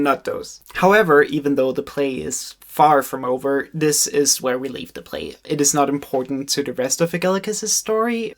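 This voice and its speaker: A young man in his twenties narrating a casual educational video essay with joking, wry asides. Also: mid-range voice.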